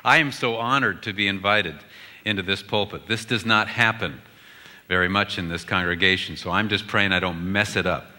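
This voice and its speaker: Bright-voiced male preacher in a hall. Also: deep voice, fairly even intonation, normal speed. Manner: humorous storytelling, voices both spouses. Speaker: guest speaker. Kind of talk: sermon. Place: large church sanctuary. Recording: hall reverb from the sanctuary.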